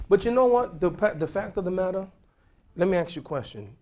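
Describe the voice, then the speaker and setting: A man's voice: high voice, a little fast. A man teaching a class as an imam, questioning the audience and repeating points for emphasis. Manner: animated, questioning, repetitive emphasis.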